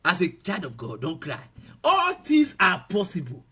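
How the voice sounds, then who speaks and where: A man preaches with a high, lively, animated voice that rises into shouts and drops into hushed asides. His tone is bright and forceful with a husky edge. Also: normal speed. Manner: emphatic preaching, shifting between shouts and soft asides. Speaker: pastor. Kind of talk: sermon.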